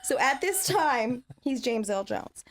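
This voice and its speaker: Animated woman telling her story. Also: high voice, unhurried. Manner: animated, vivid storyteller who acts out scenes. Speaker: podcast guest. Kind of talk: personal storytelling.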